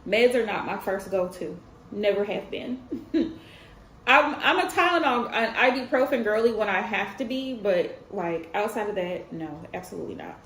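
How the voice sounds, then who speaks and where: A woman's voice: medium pitch, lively intonation, moderate pace, a bit bright, slight background noise. Chatty woman in her thirties, roomy echo. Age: 30s. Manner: chatty, addresses viewers as y'all, laughs often. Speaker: tarot reader streamer. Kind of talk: casual livestream storytelling. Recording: roomy echo with faint ambience.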